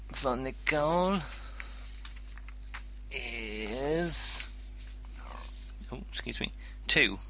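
A man's voice: mid-range voice, sharp tone. A man narrating a tabletop horror game as game master, chatty, with frequent ums and laughs.

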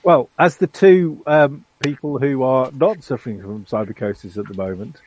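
A man's voice: mid-range voice, normal speed, a little mellow, a little hiss or hum, low-quality recording. A man playing in a tabletop role-playing game, hesitant and stumbling through his sentences. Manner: hesitant, stumbling, many fillers and restarts. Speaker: player. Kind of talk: casual tabletop game chat.

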